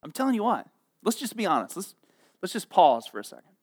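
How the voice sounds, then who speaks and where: A man with a high voice preaches a sermon with plenty of energy. He jokes with his listeners and acts out the people in the story in a playful, animated way. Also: fast talker. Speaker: pastor.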